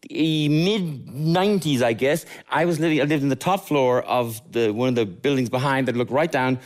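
An Irish man hosting a relaxed interview, asking playful, teasing questions. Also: medium pitch, normal speed. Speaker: host. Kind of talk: casual interview chat.

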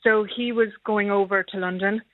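A middle-aged Irish woman, a guest on a radio show, talking warmly and at length with rising emotion. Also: mid-range voice, steady tone, moderate pace, no room sound, faint music behind. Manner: warm, rambling, emotional. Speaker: guest, mother of an actor. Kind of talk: phone interview. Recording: tinny phone line.

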